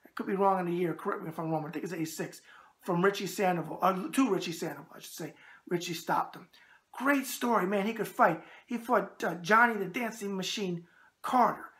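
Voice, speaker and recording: A man's voice: high voice, brisk, a bit bright. A brash man with a New York accent, hosting a boxing show and answering viewer emails with catchphrases and wisecracks.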